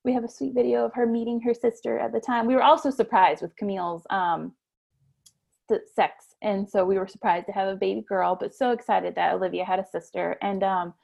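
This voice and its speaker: A woman's voice: mid-range voice, fairly even intonation, fairly quick, creaky, darkish tone. A woman in her thirties, a guest chatting casually about her birth stories, laughing often and acting out what people said. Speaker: guest mother sharing her birth story. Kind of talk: casual storytelling interview.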